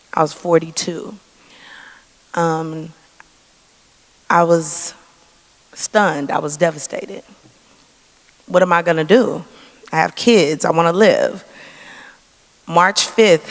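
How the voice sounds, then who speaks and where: A woman's voice: fairly low pitch, gravelly. A woman gives an earnest church testimony, acting out the dialogue she quotes. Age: 40s. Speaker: cancer survivor giving testimony. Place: church sanctuary. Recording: long reverb of a church hall.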